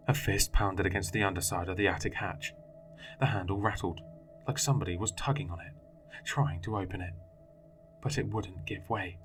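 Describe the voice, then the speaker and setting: A man with a very deep voice reads a horror story aloud in a grave, dramatic style. Faint music runs underneath the narration. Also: fairly even intonation, normal speed, fairly bright tone.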